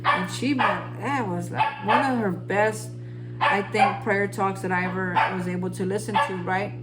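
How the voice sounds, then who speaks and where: A man giving a heartfelt daily reflection to viewers, rambling with restarts and ending in earnest, hushed encouragement. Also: sits high, steady tone, normal speed, heavy background noise. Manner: rambling, repeats and restarts, addresses viewers as folks. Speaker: recovery vlogger.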